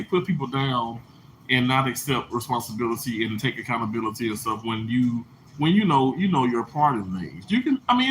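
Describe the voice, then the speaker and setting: A man talks to his viewers in a bright, forceful voice at a middle pitch. He rambles and restarts in earnest, casual chat, and a faint ambient hum sits in the room. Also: low-quality recording. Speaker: live-streaming vlogger. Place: indoors under lights at daybreak.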